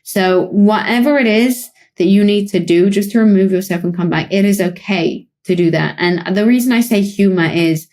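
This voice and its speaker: A British woman with a British accent, a psychologist co-hosting a podcast, explaining calmly in relaxed conversation with light laughs. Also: medium pitch, moderate pace, few pauses. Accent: British English. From Britain. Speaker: psychologist co-host.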